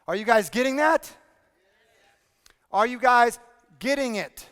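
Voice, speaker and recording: A man presenting a workshop to a live audience, energetic and drilling the room with repeated questions. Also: very high-pitched, a little slow. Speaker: speaking coach presenting a workshop. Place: conference hall with audience. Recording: long hall reverb.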